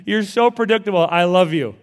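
Fond, amused man teasing a friend, a little raised in pitch, as a preacher puts him on. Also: a little fast, lightly acted. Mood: fondly teasing. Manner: warm teasing, laughing delivery.

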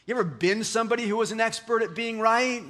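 Male pastor, high bright voice, casual playful sermon delivery. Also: fast talker. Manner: conversational, playful preaching with voiced quotes and asides.

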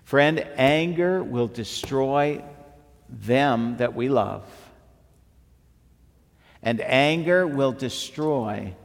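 A man preaching a sermon as pastor, slow and emphatic, rising at times to near shouting. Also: medium pitch, vocal fry. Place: church sanctuary. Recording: long hall reverb, faint music behind.

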